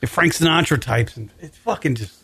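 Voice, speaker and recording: A man's voice: fairly high pitch, normal speed, fairly bright tone, breathy edge. A man hosting a podcast, telling a long rambling story in casual chat, swearing freely. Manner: profane, rambling, laughs mid-story. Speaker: podcast host.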